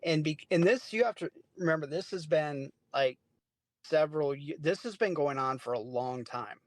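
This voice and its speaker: A man's voice: fairly high pitch, animated, normal speed, no room sound. A man co-hosting a podcast in casual chat, blunt and joking with emphatic remarks. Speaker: podcast co-host.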